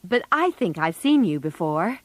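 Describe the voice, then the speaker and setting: A woman's voice: fairly low pitch, big pitch swings, moderate pace, dry recording. A woman voicing a shy, polite teenage boy in a read-aloud storybook, in close to her own voice.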